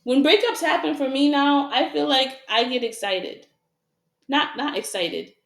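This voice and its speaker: A woman's voice: sits high, a little slow, vocal fry, fairly bright tone, reverberant. A woman giving a casual tarot reading to her viewers, frank and repetitive, asking rhetorical questions and laughing often. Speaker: tarot reader.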